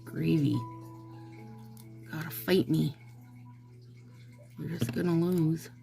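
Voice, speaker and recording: A woman's voice: low-pitched, fairly even intonation, takes it slowly, creaky, mellow, faint music behind. A woman chatting casually to her viewers as she reviews nail products, with exasperated asides and talk aimed straight at the audience.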